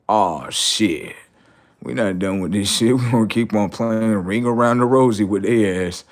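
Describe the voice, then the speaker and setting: A man's voice: fairly low pitch, normal speed. A man ranting on a livestream, profane and mocking, laughing often. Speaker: streamer. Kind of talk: casual livestream rant.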